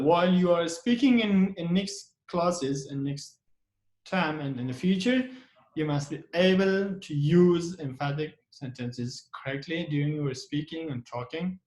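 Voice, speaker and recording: Halting man teaching grammar, echoey. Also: fairly high pitch. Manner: halting, many fillers and restarts, repeats examples. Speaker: English teacher. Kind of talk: online grammar lesson.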